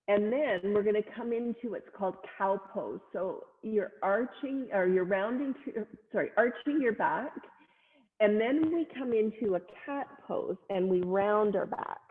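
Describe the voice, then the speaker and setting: A woman yoga instructor leads a family class with gentle, playful cues and little animal noises. She speaks slowly at a middling pitch. The sound is thin and phone-like, with a long reverb trailing behind.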